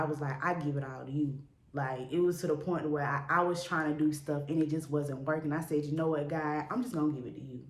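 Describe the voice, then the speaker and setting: Low-voiced young woman vlogging candidly. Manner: earnest, chatty, full of "like" and "y'all". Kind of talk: casual candid storytelling to camera. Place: indoor room in a city. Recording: echoey room.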